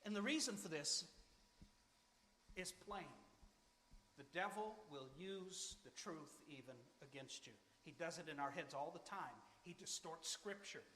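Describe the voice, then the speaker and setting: A man's voice: high voice, bright, forceful tone, a little hiss or hum. A man preaching a sermon in an earnest, emphatic, conversational way. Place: church sanctuary. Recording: echoey church hall.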